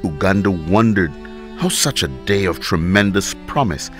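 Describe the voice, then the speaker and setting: A man reading a story aloud as narrator, in a dramatic, expressive way. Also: deep voice, normal speed, faint music behind.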